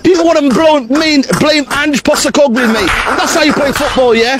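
High-voiced ranting football fan outdoors. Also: male voice, brisk, heavy background noise. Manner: exasperated, slang-heavy ranting. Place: outdoors in the rain.

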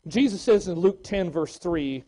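A man preaches in a church with a high voice. He moves between loud, excited calls and hushed readings of scripture. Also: a little slow, husky, rough recording. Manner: animated preaching, swinging from loud exclamations to quiet scripture reading. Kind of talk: sermon.

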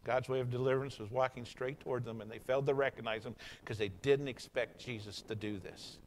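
A man preaching a sermon in a church service, folksy and conversational, swinging from hushed lines to loud ones. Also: mid-range voice, fairly even intonation, a little fast, a little hiss or hum, poor audio. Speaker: pastor.

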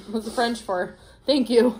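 A woman's voice: on the high side, slow pace, warm tone, a little hiss or hum, poor audio. A young woman chatting casually with her best friend, supportive and chatty. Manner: supportive, chatty, laughs along. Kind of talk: casual chat.

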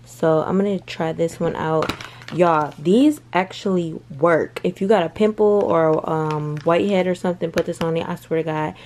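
A woman's voice: lowish voice, normal speed, a little mellow, a little hiss or hum. A young woman in her twenties vlogging in casual, candid chat, swearing freely and calling her viewers y'all. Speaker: beauty vlogger.

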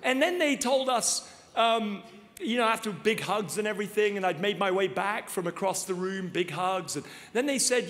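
A man in his fifties preaching a sermon full of funny personal stories, animated and self-deprecating, laughing often. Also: sits high, normal speed. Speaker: guest preacher. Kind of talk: humorous storytelling sermon. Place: large church auditorium. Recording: long reverb of a large hall.

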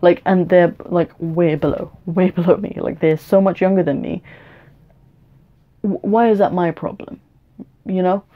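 A woman's voice: on the low side, fairly even intonation, unhurried, pauses often. A young woman venting frankly in a personal vlog, swearing often and rambling with restarts. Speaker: vlogger. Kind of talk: personal rant to camera. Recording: dull lo-fi home video audio.

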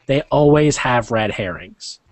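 A man's voice: medium pitch, lively intonation, a little slow, no echo. A man hosting a casual podcast chat, rambling and restarting his sentences, with frequent chuckles. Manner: rambling, self-interrupting, chuckles often. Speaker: podcast host.

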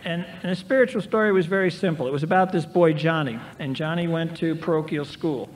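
His voice is a little high and a little fast. A man in his sixties addresses a recovery meeting, storytelling with wry humor aimed at himself, recorded in a large convention hall on reverberant 1990s tape with faint hiss.

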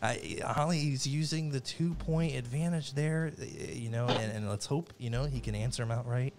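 A man's voice: mid-range voice, moderate pace, heavy background noise. A man hosting a casual podcast trivia quiz, joking and self-deprecating as he reads questions and tracks the score. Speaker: trivia show host.

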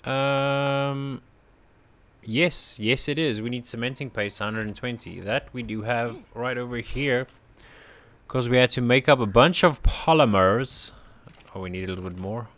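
A man doing relaxed gameplay commentary for his channel, talking through each step and cooing at his tamed creatures. His voice sits at an ordinary middle pitch, and the delivery is loose and chatty, with little laughs mixed in. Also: unhurried. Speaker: gaming channel host. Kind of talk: casual let's-play commentary.

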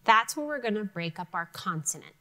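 A woman teacher giving an elementary phonics lesson, sounding out words carefully and clearly for young students. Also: medium pitch, big pitch swings, fairly quick, pushed and bright.

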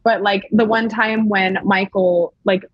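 Woman in her thirties, breathy voice, higher pitch, animated rambling chat, dry sound. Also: normal speed, no room sound, muffled recording. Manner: animated, rambling, laughs often. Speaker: podcast guest. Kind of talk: casual chat.

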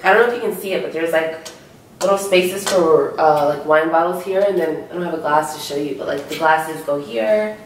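A young woman chats to the camera, gushing and excited, her voice low and worn from being sick. She is recorded from across the room, so the sound is echoey with a faint hiss behind her. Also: a little fast. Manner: bubbly, gushing, lots of "like" and "so cute". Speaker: vlogger. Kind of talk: casual chat to camera. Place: home room, indoors. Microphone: camera mic from a distance. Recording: echoey room, mic from far off.

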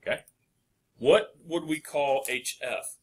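A man teaching a chemistry lecture, asking the class questions and answering them with quick encouragement. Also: a little high.

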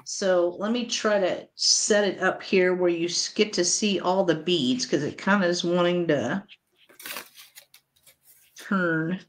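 A woman's voice: lowish voice, slow, slight background noise. A woman hosting a live online sale, chatting casually and counting down bids in an upbeat way. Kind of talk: live selling chat.

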